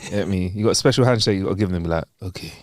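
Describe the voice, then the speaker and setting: A man, co-hosting a podcast in casual chat, animated and jokey with lots of slang. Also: low-pitched, rapid-fire, no room sound, studio quality. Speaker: podcast co-host. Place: studio.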